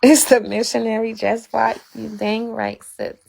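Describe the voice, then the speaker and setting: A woman's voice: fairly high pitch, little pitch movement, measured pace, gravelly, a little mellow, husky, poor audio. A woman giving a fervent faith testimony on a livestream. She talks straight to her viewers and repeats herself for emphasis.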